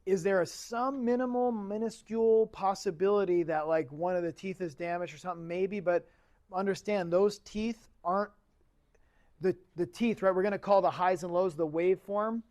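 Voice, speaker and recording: Brief: male shop-class instructor, higher-pitched voice, loose and conversational, quizzes the room. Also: moderate pace, a little mellow. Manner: chatty, asks the class questions. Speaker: automotive instructor. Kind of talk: casual classroom lecture.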